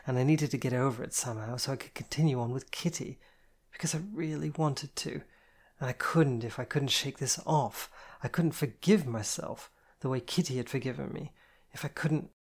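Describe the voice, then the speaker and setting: An audiobook narrator reading a first-person novel in an even, measured way. The voice sits in a middle register. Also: mid-range voice.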